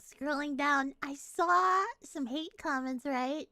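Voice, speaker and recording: A woman's voice: high voice, slow pace, very noisy. A woman streamer in casual chat, laughing and swearing while reading comments aloud into a close desk mic.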